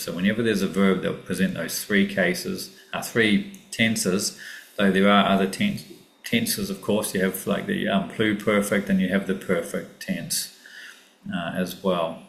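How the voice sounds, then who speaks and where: A man with a low voice walks through Greek vocabulary in a relaxed classroom manner, pausing with ums and correcting himself along the way. He sounds like he is in a room with plenty of echo. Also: vocal fry. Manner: unhurried, thinking aloud, many ums and self-corrections. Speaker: Greek teacher. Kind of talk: casual classroom lesson. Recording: echoey room.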